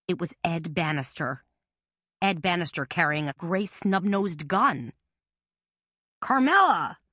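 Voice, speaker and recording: A woman narrating a mystery audiobook in a steady, tense storytelling manner. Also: on the low side, a little slow, no room sound, studio quality. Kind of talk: scripted narration.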